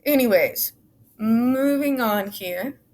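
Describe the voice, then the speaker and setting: A woman's voice: on the high side, lively intonation, slow, a little mellow. A woman vlogger reading from a court report, breaking off for blunt, sarcastic, exasperated asides and frequent swearing. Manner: sarcastic asides between read passages. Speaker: advocacy vlogger.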